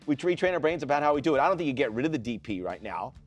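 Animated, opinionated male podcast host. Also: fairly high pitch, racing, soft background music. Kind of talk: casual sports podcast chat.

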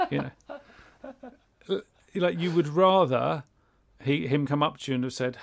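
A man in casual podcast chat, animated, acting out little imagined exchanges. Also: mid-range voice, normal speed, vocal fry, pauses often, dry recording, clean studio sound. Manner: animated, acts out imagined dialogue with mock voices.

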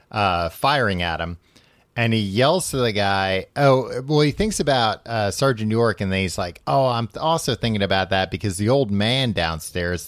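Low-voiced man rambling through a recap. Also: no echo. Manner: rambling, laughs often, many fillers. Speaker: podcast host. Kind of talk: casual book recap chat.

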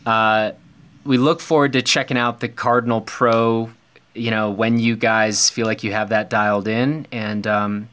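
A man's voice: on the low side, flat delivery, a little slow, fairly bright tone, clear, resonant tone. A man hosting a gear podcast, interviewing a guest in friendly, joking banter and wrapping up the episode. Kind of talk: casual interview conversation.

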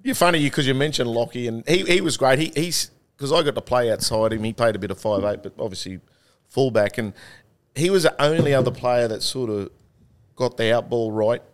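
An easygoing Australian man in his fifties chats as a podcast guest. He spins stories in a relaxed, unhurried way and laughs often, with a voice of ordinary middle pitch. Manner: laid-back anecdotal storytelling, laughs often. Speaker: podcast guest, former rugby league player. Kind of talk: casual chat.

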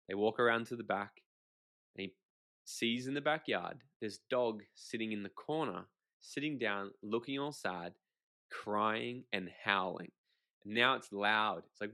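A man, a podcast guest, telling stories in a lively conversational way, swearing casually and acting out quotes. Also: fairly low pitch, measured pace. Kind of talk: animated conversational storytelling.

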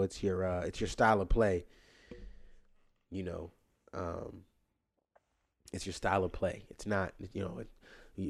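A young man hosting a casual podcast, ranting animatedly and getting loud when worked up, then settling low and quiet to tell a story. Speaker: podcast host.

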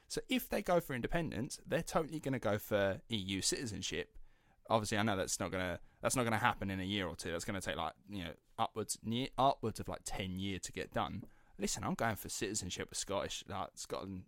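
A young man co-hosting a podcast, joking and swearing in animated, casual banter. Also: lowish voice, dry recording, studio quality. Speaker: podcast co-host.

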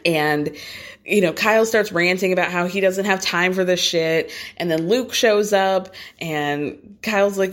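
A woman casually recapping a reality show episode in a gossipy, animated way, laughing often and swearing casually. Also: fairly low pitch, unhurried.

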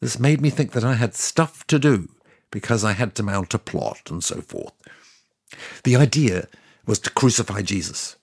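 A sardonic, talkative God tells his side of the story in a comic audio fiction. The voice is gravelly and a little husky, and the pitch swings around lively as he tells it. The recording is dry and close. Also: normal speed, no room sound, heavily acted. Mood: wry. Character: God, ancient male deity, wry and chatty. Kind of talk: scripted comic monologue.

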